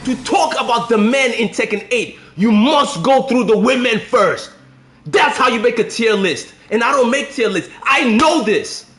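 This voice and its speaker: Male game commentator, high and very animated delivery, profane rants, roomy echoey recording. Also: moderate pace. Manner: swings between low grumbling and shouted outbursts. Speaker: fighting game content creator. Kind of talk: profane gaming commentary rant.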